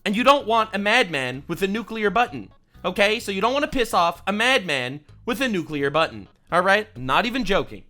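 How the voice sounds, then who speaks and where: A young man hosting a profane, animated reaction commentary vlog, ranting as he talks. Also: high-pitched, brisk, soft background music. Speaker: online commentator.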